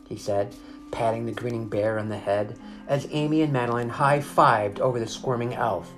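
A narrator reading a children's fantasy chapter book aloud in a steady, expressive storybook manner. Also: mid-range voice, moderate pace, faint music behind.

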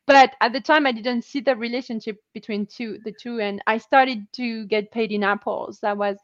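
A woman hosting an interview over a call, enthusiastic and quick to laugh. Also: a little high, fairly even intonation, no echo. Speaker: interview host. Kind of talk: conversational interview. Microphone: remote call. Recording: dry, dull lo-fi call audio.

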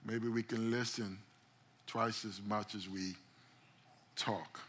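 A man preaching a sermon at a church service. His voice is bright and cutting, and he tells the story dramatically, acting out quoted lines with sudden loud bursts. He calls out to the congregation as he goes. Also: fairly low pitch, flat delivery, slow pace, slight background noise. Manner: call-and-response phrases to the congregation. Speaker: pastor.

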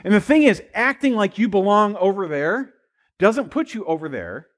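A middle-aged pastor with a notably high speaking voice preaches a sermon to his congregation at normal speed. His manner is relaxed and conversational, and he drifts into asides and restarts his phrases as he goes.

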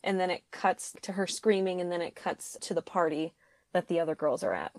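A woman's voice: lowish voice, a little fast, darkish tone, dry recording. A young woman chatting casually about a movie on a podcast, laughing easily. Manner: chatty, laughs often, acts out quotes. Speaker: podcast co-host. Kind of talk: casual movie recap chat.

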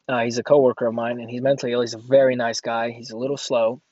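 A man's voice: mid-range voice, flat delivery, quick pace, darkish tone, dry recording. A man who works at a grocery store, rambling through a sarcastic casual rant with lots of fillers. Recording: dull lo-fi dry audio.

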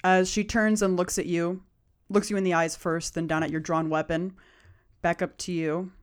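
Woman in her GM chair, low-pitched voice, calm scene-setting storyteller. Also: clean tone. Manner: unhurried descriptive narration. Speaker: game master. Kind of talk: narrating a tabletop game.

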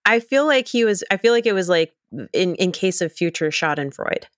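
A woman co-hosting a podcast in casual chat, giving lively commentary on a film. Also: medium pitch, moderate pace. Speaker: podcast co-host.

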